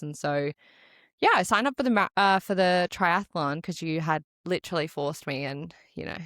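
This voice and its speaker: Chatty Australian woman, low voice. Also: normal speed, fairly bright tone, dry recording, clean studio sound. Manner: chatty, laughs often, lots of "like". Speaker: podcast co-host. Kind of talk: casual chat.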